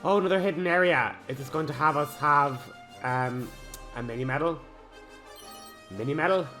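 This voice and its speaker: A man comments on his gameplay in a rambling, jokey and excitable way. Faint music plays softly in the background. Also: on the high side, moderate pace. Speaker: let's play host.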